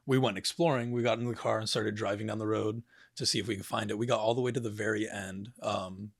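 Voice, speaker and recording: Young man, podcast guest, low gravelly voice, loose rambling delivery, dry close mic. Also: fairly even intonation, fast, no room sound. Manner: rambling, swears often, many fillers. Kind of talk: casual podcast chat.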